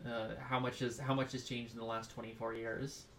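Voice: medium pitch, flat delivery, moderate pace, a bit bright. A podcast co-host in casual chat, speaking thoughtfully and hesitantly, with many fillers and restarts.

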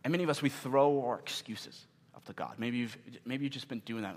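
A man preaching a sermon as pastor, earnest and emphatic, slowing down for key questions and hitting some words hard. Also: medium pitch, a little hiss or hum. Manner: earnest, emphatic, with sudden loud stresses and slowed key questions. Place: church meeting in a gym. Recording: long reverb of a large gym.

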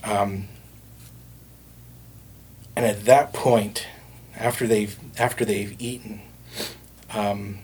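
Lower-voiced man preaching a sermon. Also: flat delivery, extremely slow, pauses often, a little mellow, slightly rough. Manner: conversational preaching with frequent fillers and restarts. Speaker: pastor.

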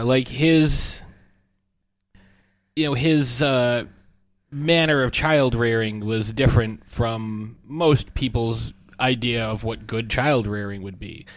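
A man's voice: mid-range voice, dry recording. Man in casual movie chat, dry mic. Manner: acts out movie lines in quick impressions.

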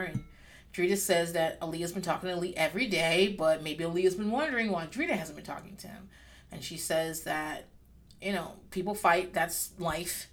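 A woman's voice: lowish voice, a bit bright. Candid, profane woman recapping TV. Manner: swears freely, rambling and candid, with bursts of laughter. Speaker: podcast host recapping a reality show. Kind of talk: casual chat.

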